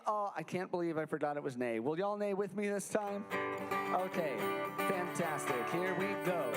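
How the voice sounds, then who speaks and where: A man's voice: fairly high pitch, normal speed, long reverb tail, loud music behind the voice. A young man performing a goofy, interactive children's show with a live audience at a library. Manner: goofy, animated, jokey with the kids. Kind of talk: playful kids' show with sing-along.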